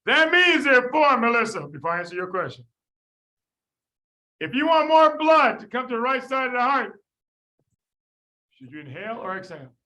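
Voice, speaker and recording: A man tutoring medical students in a lively class, quizzing them by name and repeating the key points. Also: very high voice, moderate pace, pauses often, poor audio. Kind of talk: lively classroom teaching with drills.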